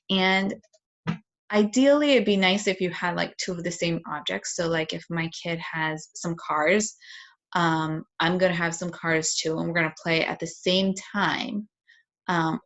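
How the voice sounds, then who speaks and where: A woman's voice: fairly low pitch, a bit bright. A woman explains play stages to parents in a patient, instructional voice, walking through each step. She demonstrates with toys as she goes, sometimes growling like an animal. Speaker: parenting educator. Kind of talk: instructional talk with toy demonstration.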